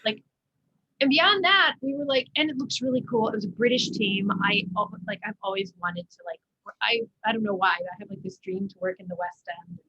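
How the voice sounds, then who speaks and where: A woman's voice: mid-range voice, steady tone, fast talker, few pauses, fairly bright tone, slightly rough. Chatty woman with a slightly dull sound. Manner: chatty, many fillers and restarts. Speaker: guest, musical theater actor. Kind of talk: casual interview chat.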